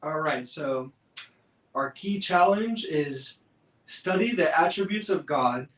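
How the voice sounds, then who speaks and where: Slow-speaking man, podcast co-host. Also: fairly high pitch, animated, fairly bright tone, roomy sound, recorded from a distance, low-quality recording. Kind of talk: faith discussion podcast.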